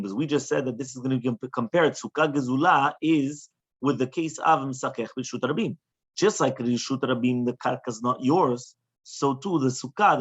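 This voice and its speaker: A man, a rabbi, teaching a Talmud class in an animated way, often checking in with questions. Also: medium pitch. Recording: dull lo-fi recording.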